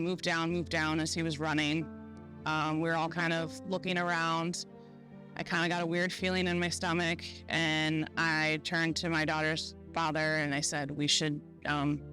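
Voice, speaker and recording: Flat-voiced woman recounting testimony. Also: low voice. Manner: halting, measured retelling with frequent fillers. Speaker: shooting survivor recounting events. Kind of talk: documentary interview testimony.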